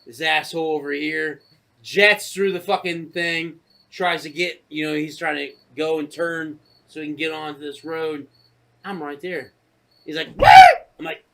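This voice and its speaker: A man co-hosting a podcast, telling a casual story full of profanity and acting out his own shouted lines. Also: fairly high pitch. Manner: profane, animated, acts out shouted quotes. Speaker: podcast co-host.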